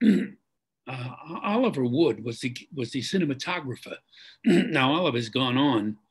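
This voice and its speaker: An older man, an actor guest telling stories in an interview, halting with many fillers and restarts. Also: medium pitch, lively intonation, husky, low-quality recording. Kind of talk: interview storytelling.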